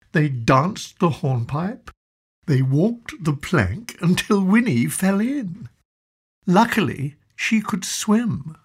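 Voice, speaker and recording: A woman narrating a children's storybook in an expressive, slow storytelling manner. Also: on the low side, breathy edge.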